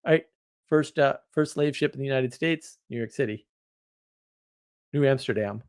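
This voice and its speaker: A rambling, opinionated man hosts a livestream, chatting casually and reading out viewer comments. His mid-range voice has a clean tone and shifts quickly in loudness.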